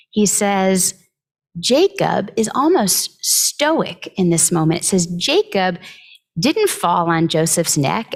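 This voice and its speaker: A woman giving a conversational sermon at a service, reflective and unhurried, pausing often with filler words. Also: mid-range voice, gravelly. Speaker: clergy giving the weekly Torah talk.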